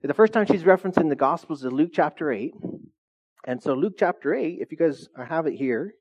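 A man's voice: a little high, animated, fairly quick, a little mellow. A man preaching a sermon as pastor, reading scripture and slipping in joking asides to the congregation.

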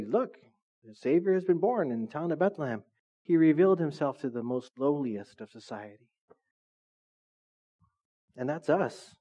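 A man preaching a sermon as a pastor, lively and joking, acting out voices from his stories. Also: fairly high pitch. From California. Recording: dull lo-fi sound.

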